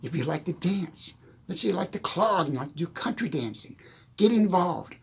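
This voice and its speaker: Gravelly older man, animated storyteller. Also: sits high, moderate pace. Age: 60s. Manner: animated storytelling, chuckling often. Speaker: motivational speaker. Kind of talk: casual motivational talk.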